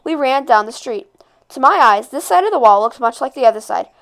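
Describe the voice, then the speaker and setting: Woman read-aloud narrator, expressive, high-ish and smooth. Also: brisk. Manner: expressive, with occasional slips and rereads. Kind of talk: reading a novel aloud.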